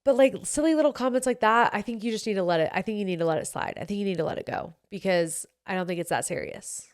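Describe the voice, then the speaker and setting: A woman's voice: medium pitch, fast talker. Blunt, sassy woman with a Utah accent. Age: 20s. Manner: blunt, sassy, swears freely. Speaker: podcast host. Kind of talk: casual advice chat.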